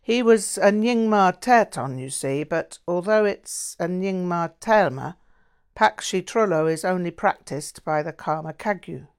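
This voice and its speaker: A woman reading the part of a patient Buddhist woman who explains practices in a measured way, in an audiobook. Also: fairly low pitch, animated, clear, resonant tone. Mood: explaining.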